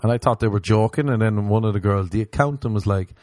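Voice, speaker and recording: A man hosting a podcast, telling crude stories in a casual, joking way and mimicking other people in higher voices. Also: fast, darkish tone, dry recording. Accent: non-local, remarked on by others. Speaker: podcast host. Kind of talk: casual storytelling chat.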